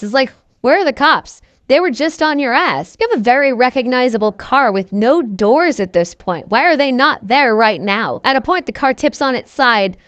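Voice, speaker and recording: A woman's voice: fairly high pitch, dry recording. A woman giving a casual, sarcastic, profane movie review to camera, wandering off on tangents.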